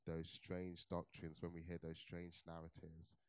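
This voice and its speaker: A young man delivering a sermon. He tells stories with lively energy and easy laughter, then settles into an earnest appeal. His voice sits a little low and sounds smooth and resonant, recorded dry with no room echo. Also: a little slow. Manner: lively storytelling with laughs, turning earnest and quiet. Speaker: preacher. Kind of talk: sermon with personal testimony.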